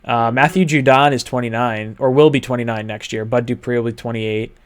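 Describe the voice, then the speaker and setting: A man's voice: mid-range voice, steady tone, brisk. A man hosting a casual sports talk show, chatty, laughing easily and rattling off player names and ages. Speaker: podcast host.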